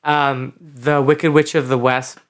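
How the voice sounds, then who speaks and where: A man's voice: medium pitch, level tone, slow pace. Campy, swearing male podcast guest. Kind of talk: casual chat.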